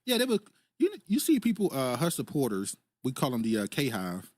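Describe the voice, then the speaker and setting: A man's voice: mid-range voice, huge pitch swings, moderate pace, dry recording, clean studio sound. A man hosting a casual political commentary stream, laughing often as he reads viewer comments aloud. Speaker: host reading live chat.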